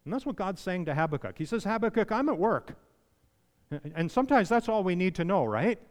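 Quick-paced and very animated, this pastor has a high-sitting voice with a darkish tone, echoing in a long hall reverb. His sermon is conversational, full of questions to listeners, and becomes emphatic and pleading as he voices other people.

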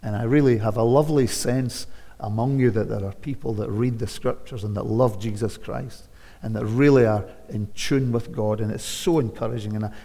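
A Scottish man in his seventies preaching a sermon, talking conversationally, then turning loud and emphatic. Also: medium pitch, creaky. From Scotland. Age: 70s. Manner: conversational, swinging from quiet asides to loud emphatic declarations. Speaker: visiting preacher. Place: church sanctuary. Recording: long church reverb.

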